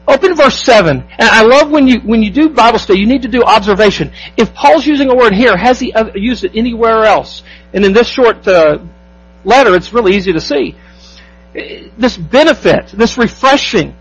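A man preaching a sermon as pastor, emphatic, asking the congregation rhetorical questions and slowing down to stress key phrases. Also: very high voice, animated, slightly rough, low-quality recording.

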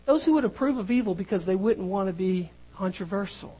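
A preacher delivering an emphatic sermon, moving between loud stresses and hushed lines. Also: medium pitch, lively intonation, brisk, rough recording.

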